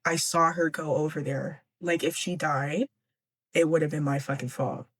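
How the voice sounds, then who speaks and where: Woman doing an emotional teen girl, swears, slangy, lowish, dry. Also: steady tone, moderate pace, fairly bright tone, no echo. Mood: remorseful. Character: hot-tempered teenage girl, blunt and emotional.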